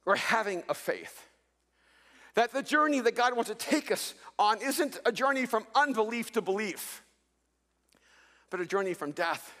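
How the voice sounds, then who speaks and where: A man from El Salvador preaching a sermon as a pastor, telling funny stories in an animated way. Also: high voice, in a large hall. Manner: animated storytelling with jokes.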